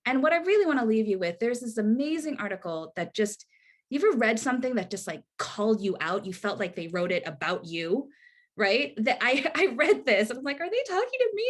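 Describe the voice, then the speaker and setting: A woman presenting a workshop over a video call, earnest and conversational, with frequent restarts and a tag of "right?". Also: on the high side. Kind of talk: online workshop talk.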